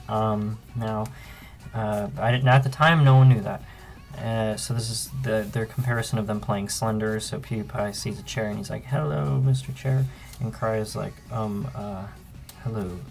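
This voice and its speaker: A young man in his own casual commentary as he pages through an old sketchbook, relaxed and rambling with frequent ums. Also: lowish voice. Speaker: artist and channel host.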